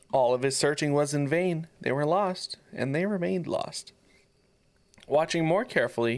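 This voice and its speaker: A man co-hosting a podcast, reading a folk tale aloud and breaking off playfully to joke. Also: mid-range voice. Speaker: podcast co-host.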